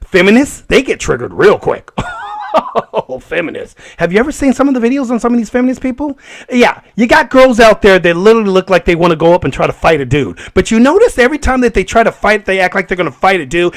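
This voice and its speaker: A man hosting a solo podcast, ranting in an animated way and laughing often. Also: sits high, a little fast. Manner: animated and laughing, acts out voices. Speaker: podcast host.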